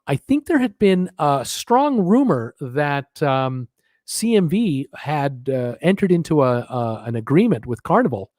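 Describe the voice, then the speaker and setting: A man's voice: medium pitch, a little mellow, no room sound, studio quality. A man hosting a live cruise news show, rambling with many fillers and restarts and dropping sardonic asides. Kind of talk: live-stream news commentary.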